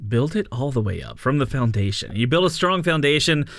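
A man co-hosting a casual parenting chat, full of joking deadpan asides. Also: medium pitch, fairly quick, creaky, no room sound, clean studio sound. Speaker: podcast co-host.

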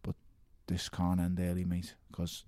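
A man with a Liverpool accent in casual interview chat, telling stories in an animated way and often saying "mate". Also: low voice, unhurried, no room sound. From Liverpool, England. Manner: animated storytelling, frequent "mate", laughs. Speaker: interviewee, professional boxer.

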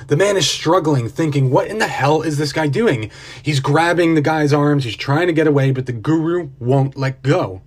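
Husky man telling a motivational story. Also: fairly high pitch. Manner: earnest, building intensity. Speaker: narrator.

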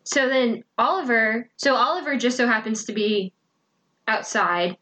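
A woman's voice: a little high, measured pace, bright, forceful tone. Chatty woman recapping a story. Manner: chatty, dramatic retelling with filler words. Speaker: podcast co-host recapping a book. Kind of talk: casual chat.

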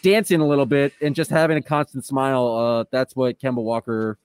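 A man hosting a casual sports podcast, chatting in a relaxed way with frequent filler sounds. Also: medium pitch, brisk, smooth, dry recording. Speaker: podcast host.

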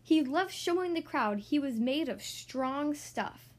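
A woman reading a rhyming children's picture book aloud in an expressive, sing-song way. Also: high voice, takes it slowly. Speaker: podcast host reading children's books.

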